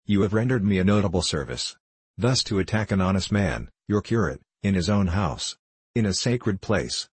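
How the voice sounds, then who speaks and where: A man's voice: low-pitched, lively intonation, moderate pace, husky, no room sound. A man voicing a fearful, peevish older village priest who stammers. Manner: stammering, anxious.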